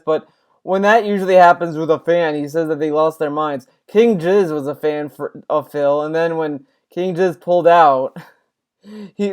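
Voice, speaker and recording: A man's voice: a little high, darkish tone, smooth. A man doing casual reaction commentary, rambling and sarcastic, with many restarts. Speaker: commentary streamer.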